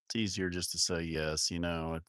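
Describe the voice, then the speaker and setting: A low-voiced man hosts a casual livestream from his farm. He rambles through viewer comments with crude, self-mocking humor. His voice is close and dry, with no room echo. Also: level tone, moderate pace, fairly bright tone. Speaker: livestream host of a cattle farm channel. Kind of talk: casual live-stream chat reading viewer comments.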